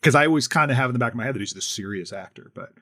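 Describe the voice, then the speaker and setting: A man's voice: mid-range voice, animated, very fast, sharp tone. A man co-hosting a podcast in casual chat, recapping a film in a rambling way, full of restarts. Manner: rambling, with many fillers and restarts. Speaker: podcast co-host.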